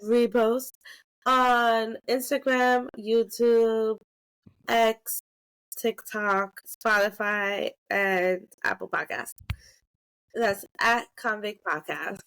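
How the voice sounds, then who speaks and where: Young woman podcast co-host, sick and hoarse, slow and giggly in casual chat. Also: a little high, steady tone, fairly bright tone, dry recording. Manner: giggly, drawn-out delivery. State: hoarse from a cold.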